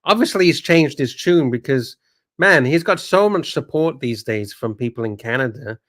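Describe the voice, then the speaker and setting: A man's voice: mid-range voice, expressive, normal speed, fairly bright tone. A man co-hosting a livestream, bantering casually and reacting with swearing and exclamations. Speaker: livestream co-host.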